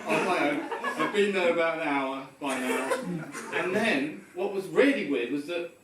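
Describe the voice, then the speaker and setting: A man's voice: a little high, lively intonation, moderate pace. A man doing stand-up at an open mic, telling a rambling, self-deprecating story. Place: pub comedy room. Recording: echoey room from far off, loud background noise. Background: audience laughter.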